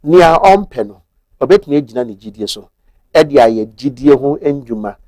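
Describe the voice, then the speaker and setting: A man's voice: mid-range voice, animated, moderate pace, darkish tone, no echo. Methodical Ghanaian man explaining law. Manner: methodical, switches between Twi and English. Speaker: guest explaining marriage law. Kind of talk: explanatory TV talk-show discussion.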